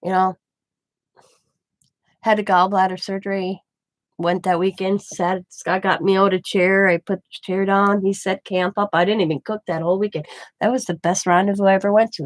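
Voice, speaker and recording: A woman's voice: mid-range voice, moderate pace, no echo. Woman telling a rambling story. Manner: rambling, animated retelling with quoted dialogue. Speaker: craft channel host. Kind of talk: casual storytelling.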